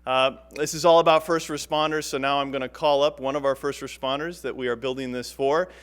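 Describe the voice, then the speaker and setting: A man's voice: mid-range voice, steady tone, brisk, clear, resonant tone. A man giving an upbeat, emphatic speech at a press event as a company executive. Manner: upbeat, emphatic, repeats for stress. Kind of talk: public speech at a podium.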